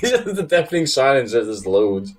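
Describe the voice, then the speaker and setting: A man's voice: medium pitch, very animated, normal speed, husky. A man who is a podcast guest, chatting casually in a sardonic way, swearing and laughing often. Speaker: interview guest.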